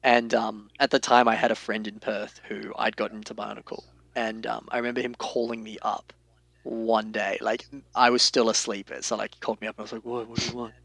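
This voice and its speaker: A man hosting a casual podcast chat, excitable and acting out the reactions he quotes. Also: on the low side, fairly quick, gravelly, no room sound. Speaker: podcast host.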